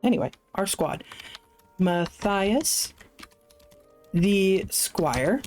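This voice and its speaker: A woman's voice: mid-range voice, sing-song, drawn-out words, darkish tone, faint music behind. A woman streaming a solo tabletop game, chatting casually and thinking aloud with lots of fillers. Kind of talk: casual live-stream chat.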